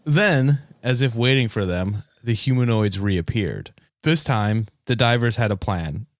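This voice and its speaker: Animated laughing man telling a story. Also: mid-range voice, a little slow, no room sound, clean studio sound. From United States. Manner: animated, laughs often, swears casually. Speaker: podcast host. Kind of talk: storytelling on a casual comedy podcast.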